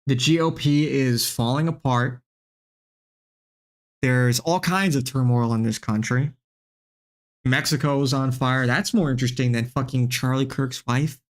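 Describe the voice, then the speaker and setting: A man's voice: medium pitch, a little slow. A man hosting a live stream, reacting to clips with profane, exasperated rants. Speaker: streamer host.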